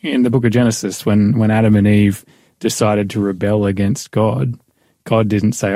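A man's voice: on the low side, flat delivery, moderate pace, mellow, no echo. A man reflecting on his faith in a casual chat, stopping to search for the right words.

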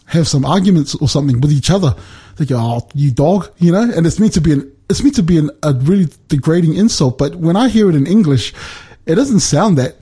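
A man's voice: fairly high pitch, animated, fast, hardly any pauses, warm tone, husky. A man teaching from the Bible in a casual conversation, explaining step by step and often checking in with his listener. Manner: explanatory, checks in with "right?" and "you know".

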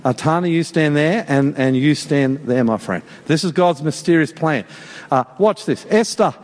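High-voiced preacher in an echoing church. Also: male voice, moderate pace. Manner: lively, joking, calls out to the congregation. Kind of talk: sermon. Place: church worship service. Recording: long hall reverb in a church.

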